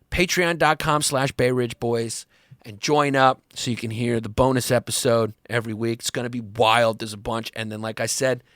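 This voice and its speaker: A man hosting a comedy history podcast, rambling and profane, swinging up and down in pitch as he talks. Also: fairly bright tone, no room sound, clean studio sound. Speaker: podcast host.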